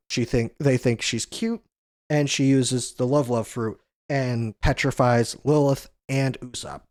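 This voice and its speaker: A man hosting a show about a comic series, retelling a chapter in a loose, conversational way with many "you know" fillers and quick stabs at the characters' lines. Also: medium pitch, no room sound, clean studio sound. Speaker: manga discussion show host. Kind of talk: casual chapter recap.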